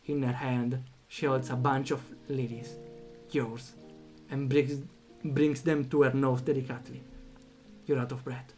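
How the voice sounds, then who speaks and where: A man streaming a story game, reading the text aloud and reacting with animated commentary. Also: mid-range voice, a little slow, faint music behind. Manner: animated, reacts out loud, thinks aloud with fillers.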